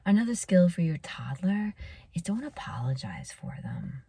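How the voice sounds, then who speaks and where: Brief: middle-aged woman pediatrician host, low voice, earnest advice, repeats key points, slips into hushed tones, dry close sound. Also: wildly swooping pitch, moderate pace, gravelly, breathy edge, no echo. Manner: earnest, repeats key phrases, often drops to a hushed near-whisper. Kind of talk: advice talk to parents.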